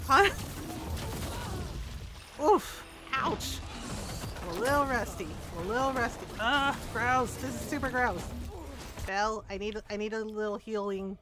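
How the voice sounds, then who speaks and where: A woman's voice: on the high side, unhurried, pauses often, over music. A woman streaming a game, chatting casually and laughing often, with loose, profane commentary. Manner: animated, laughing, swears, breaks into character voices. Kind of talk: casual gameplay chat.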